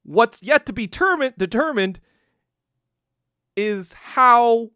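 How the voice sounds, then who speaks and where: Animated ranting man, bright voice. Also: extremely high pitch, slow pace, clean tone, dry recording, clean studio sound. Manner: profane, ranting, laughs between phrases. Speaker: podcast host. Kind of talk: casual solo rant.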